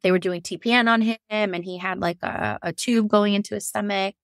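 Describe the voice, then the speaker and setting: A woman's voice: medium pitch, steady tone, fairly quick, dry recording, clean studio sound. A woman in her thirties telling her own birth story in a frank, emotional way, with lots of fillers and some swearing. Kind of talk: candid personal storytelling.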